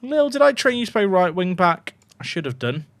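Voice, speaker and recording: A man's voice: sits high, sing-song, a little fast, fairly bright tone. A man livestreaming a football management game, talking to his chat in a despairing, dramatic way and swearing. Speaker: streamer. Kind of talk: casual livestream gaming commentary.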